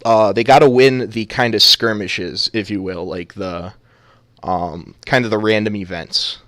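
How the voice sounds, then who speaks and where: A man's voice: fairly low pitch, fairly even intonation, measured pace, a bit bright, no room sound. A man casting an amateur esports match, talking casually and joking around with many fillers. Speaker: esports caster.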